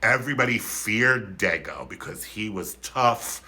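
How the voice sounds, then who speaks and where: With lively intonation and an unhurried pace, this fifty-something from Philadelphia, USA spins a funny tale for his livestream in a bright, forceful tone. He plays it campy and theatrical, flamboyant throughout, with abrupt squeals into a high pitch.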